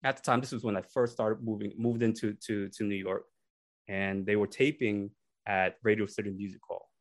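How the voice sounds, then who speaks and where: A young man casually telling embarrassing stories on a podcast, animated and acting out the people in them. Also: fairly low pitch, normal speed. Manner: animated, acts out voices in his stories. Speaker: podcast co-host. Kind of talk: casual storytelling.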